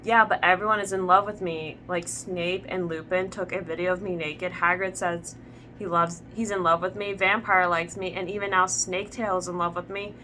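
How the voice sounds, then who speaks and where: A woman's voice: fairly low pitch, fairly even intonation, normal speed, bright, forceful tone, a little hiss or hum. A woman voicing a melodramatic gothic teenage girl heroine in a fanfic reading, with angry outbursts. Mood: whiny.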